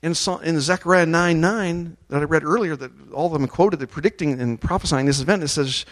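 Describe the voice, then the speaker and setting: A man preaching a sermon, reading scripture aloud and leading the congregation in call-and-response chants, rising to loud ringing peaks. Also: on the high side, fairly quick, hardly any pauses. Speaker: pastor.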